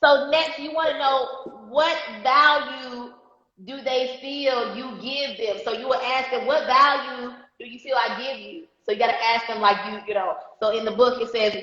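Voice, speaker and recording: On a live stream whose audio is dull and echoey, a woman coaching a business class in marketing drives her key points home emphatically, repeating them and checking in with viewers. Her voice is a little high, with a fairly bright tone.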